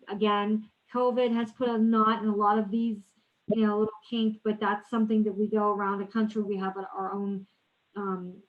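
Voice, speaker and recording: A woman interviewing a colleague in a casual chat, talking loosely with restarts, over a video call. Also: mid-range voice. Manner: chatty, many restarts and fillers. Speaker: interviewer for a company Q&A. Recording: tinny phone-like audio.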